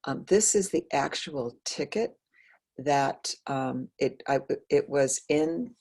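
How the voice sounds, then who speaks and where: A woman author talking about her book over a video call, halting with many fillers and restarts, and losing her voice. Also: extremely low pitch, a little mellow, husky. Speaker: author guest. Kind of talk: conversational book talk.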